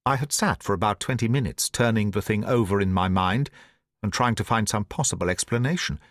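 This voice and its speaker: A man narrating an audiobook in the first person, with measured, deliberate storytelling. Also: lowish voice, no echo, studio quality.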